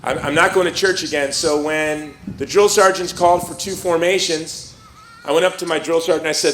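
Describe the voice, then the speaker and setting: A middle-aged man from Chicago tells a personal story to a live crowd and slips into the voices of the people he quotes. His voice sits a little high for a man. The sound carries the echo of a large room. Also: brisk, slight background noise. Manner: lively storyteller who acts out quoted voices. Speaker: speaker.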